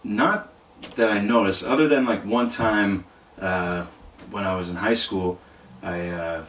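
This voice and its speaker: A man guest-hosting a casual podcast, full of pauses and dry, deadpan jokes. His voice is on the low side and sounds distant from the mic in a reverberant room. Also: a little hiss or hum. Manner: halting, dry deadpan humor. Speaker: guest co-host. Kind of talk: casual chat. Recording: roomy and off-mic.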